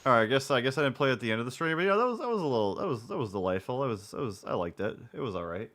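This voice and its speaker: A man's voice: medium pitch, very animated, racing, fairly bright tone. A man in his twenties, casually commenting on a live stream, rambling and repeating himself. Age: 20s.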